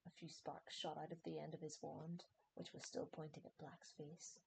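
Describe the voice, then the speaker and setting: Low-voiced woman narrating an audiobook. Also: little pitch movement, moderate pace, gravelly, slight background noise, poor audio.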